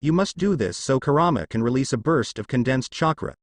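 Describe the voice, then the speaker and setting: Calm businesslike father figure, measured and instructive, a man narrator reading him. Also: mid-range voice, no room sound, close to an everyday voice. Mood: serious. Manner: explanatory, measured.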